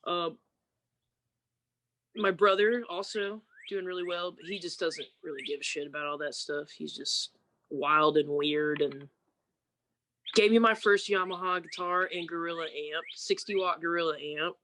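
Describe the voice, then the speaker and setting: A woman's voice: lowish voice, unhurried, fairly bright tone, slight background noise. A woman guest musician chatting casually on a podcast, telling candid, loose stories and mimicking people.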